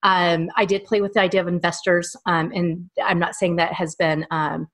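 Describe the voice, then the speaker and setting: A woman in her thirties with a somewhat low voice, telling long personal stories as a guest. She rambles and circles back as she talks in an easygoing, conversational way. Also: flat delivery, normal speed, fairly bright tone. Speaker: small business owner and guest. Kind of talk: casual interview chat.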